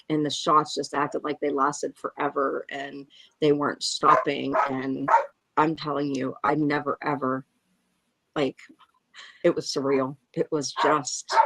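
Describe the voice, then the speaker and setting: Shaken woman with a lower voice. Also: very noisy. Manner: halting, breaks off and apologizes, restarts; angry and frustrated. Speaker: eyewitness. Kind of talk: emotional first-hand account.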